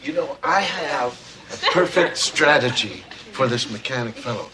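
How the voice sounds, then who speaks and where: A man's voice: mid-range voice, animated, unhurried, crowd noise, lightly acted. An actor playing a playful middle-aged father in a family sitcom, teasing his kids and lecturing them in mock-serious fashion. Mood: joking. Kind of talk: sitcom acting before a studio audience. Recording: loud studio audience laughter behind.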